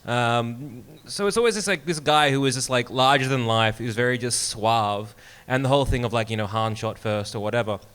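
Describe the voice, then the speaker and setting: A man's voice: mid-range voice, a little fast, hardly any pauses, a bit bright, smooth. Rambling man on a live panel. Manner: rambling, filler-heavy, enthusiastic. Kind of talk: live comedy panel talk. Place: live stage before an audience.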